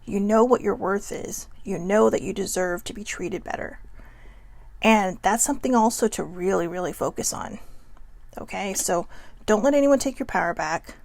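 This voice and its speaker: A woman's voice: mid-range voice, moderate pace, gravelly, a little mellow, no echo. A woman hosting a casual motivational talk to camera, frank and swearing freely, with many asides to her viewers. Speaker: host.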